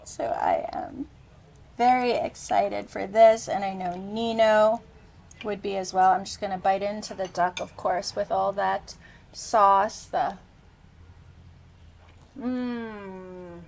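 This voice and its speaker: A woman's voice: mid-range voice, animated, unhurried, creaky, a little mellow, rough recording. Casual, enthusiastic cooking host; woman in her thirties tasting and describing food. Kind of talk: casual cooking show chat.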